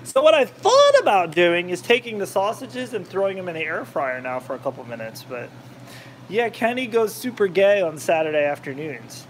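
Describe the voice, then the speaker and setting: A talkative man cooks in his home kitchen and rambles from one topic to the next. His voice sits a little higher than most men's. A faint hiss runs beneath the recording. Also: very animated, normal speed. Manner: rambling, chatty, drifts off topic. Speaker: cooking vlogger, channel host. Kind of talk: casual chat while cooking, reading viewer comments.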